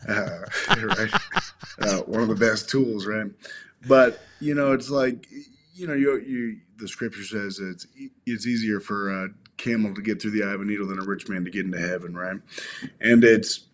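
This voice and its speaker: Thoughtful lower-voiced male guest. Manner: thoughtful, halting, quotes scripture. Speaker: podcast guest. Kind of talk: reflective conversation.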